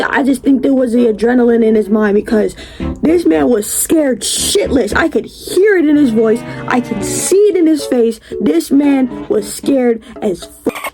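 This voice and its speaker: A young adult woman telling a storytime vlog story, animated, exclaiming and swearing freely. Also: sits high. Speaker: vlogger. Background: background music.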